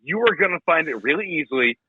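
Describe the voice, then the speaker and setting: A young man with a high, husky voice swings his pitch wildly as he tears into a film on a casual podcast. He swears freely and mimics the people he mocks. The recording is dry and a bit muffled. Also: fast, no echo. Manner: profane, animated storytelling with mocking impressions. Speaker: podcast co-host. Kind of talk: casual podcast movie rant.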